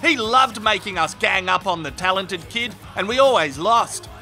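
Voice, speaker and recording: A very high-pitched Australian man with a sharp, bright edge to his voice. He fires off crude, cheeky jokes in a comedic voice-over commentary style. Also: expressive, moderate pace, soft background music.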